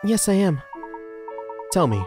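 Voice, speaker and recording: A timid young woman who stammers politely, voiced by a woman. She speaks slightly higher than normal and keeps her tone gentle. She performs her while playing a game. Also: big pitch swings, measured pace, over music. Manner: hesitant and polite.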